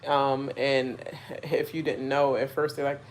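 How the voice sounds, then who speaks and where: A woman's voice: very deep voice, level tone, measured pace. A woman chatting casually on a live reaction stream, rambling with lots of fillers and asides. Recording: faint background noise.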